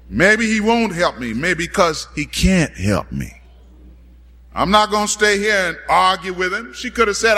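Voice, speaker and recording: Preacher guy with a bright ringing voice, big swoops up and down, echoey church. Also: high-pitched, wildly swooping pitch, takes it slowly. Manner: dramatic, calls out to the congregation, acts out voices. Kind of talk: sermon.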